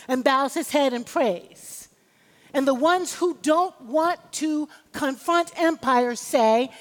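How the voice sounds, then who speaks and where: A woman preaching a sermon in a high, bright voice, her words ringing out with a long reverb in a church sanctuary. She builds her points in emphatic, rhythmic waves and calls on the congregation for amens. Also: slow. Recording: long reverb of a large hall.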